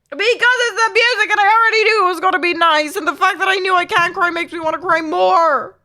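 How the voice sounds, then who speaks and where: Bright, high-voiced woman streamer. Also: fast talker. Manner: exclamatory, talks straight to chat. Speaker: live streamer. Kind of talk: casual chat with stream viewers.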